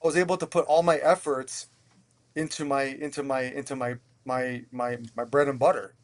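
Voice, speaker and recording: A man from Pennsylvania, a restaurant owner and podcast guest, telling his story in a candid, animated way, swearing freely and often stumbling over and repeating words. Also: medium pitch, moderate pace.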